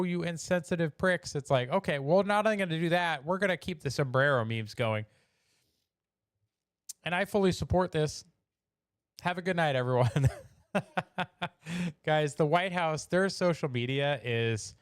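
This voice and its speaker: Casual streamer host, man, smooth clear voice, dry close mic, reacts to memes. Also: on the high side, dry recording. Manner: laughing, chatty, addresses chat. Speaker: livestream host. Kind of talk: casual live commentary. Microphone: desk mic, streaming.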